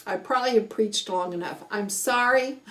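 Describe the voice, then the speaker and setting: A woman's voice: medium pitch, normal speed, a bit bright. A middle-aged woman homestead vlogger talking earnestly to camera, half preaching, with many "you know"s. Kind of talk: casual vlog talk with a preachy streak.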